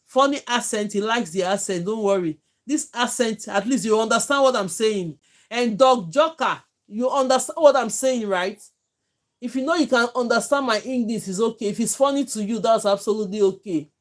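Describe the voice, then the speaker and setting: Chatty Nigerian woman hosting a live class. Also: on the high side. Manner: chatty, warmly thanks viewers by name. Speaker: hair braiding teacher. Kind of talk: live-stream tutorial chat. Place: home.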